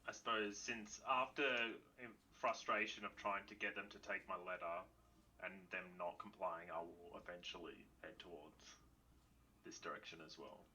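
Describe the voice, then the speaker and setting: A man with a deep, bright-edged voice chats casually as a tabletop player. He rambles in a relaxed way, with a faint hiss in the background. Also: normal speed, poor audio. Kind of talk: casual tabletop game chat.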